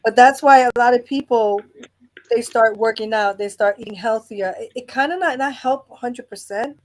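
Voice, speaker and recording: A woman, a mother and former caregiver, chatting casually in a relaxed, conversational way. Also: fairly high pitch, moderate pace. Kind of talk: casual chat.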